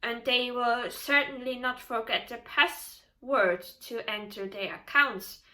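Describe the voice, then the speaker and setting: A woman tarot reader giving casual vlog advice, animated and emphatic, often laughing. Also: a little high, takes it slowly.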